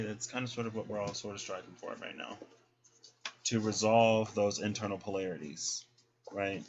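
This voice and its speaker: A man's voice: on the low side, a bit bright, dull audio. Folksy man reading tarot. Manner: chatty, folksy, talks to viewers as y'all. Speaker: tarot reader. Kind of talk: casual tarot reading vlog.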